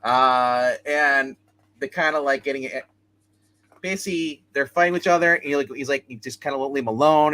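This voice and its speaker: Bright-voiced man rambling about comics. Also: medium pitch. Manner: rambling, animated retelling with repeated "like". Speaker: comic book show host. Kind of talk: casual chat.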